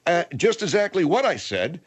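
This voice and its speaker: A man's voice: high voice, very animated, slightly rough. A man hosting a comedy radio show, exasperated and bossy with his guests. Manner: exasperated, bossy, quick to laugh.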